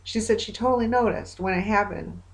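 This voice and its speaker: A woman's voice: medium pitch, brisk. A woman talking in a casual personal video diary, rambling as she retells conversations with many fillers, hopeful yet weary. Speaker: vlogger.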